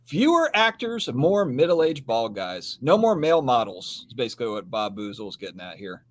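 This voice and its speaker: A man's voice: medium pitch, very animated, normal speed. Laid-back man hosting a card live stream. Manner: laid-back, rambling, reads out viewer comments. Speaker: podcast host. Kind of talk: casual live-stream chat.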